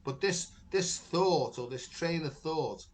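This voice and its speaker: A man's voice: on the high side, expressive, takes it slowly. A middle-aged man, hosting a talk show and telling a long story in a rambling way, full of fillers. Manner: rambling, chatty, many fillers like "you know" and "right". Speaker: podcast host, spiritual healer. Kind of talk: casual conversation, storytelling.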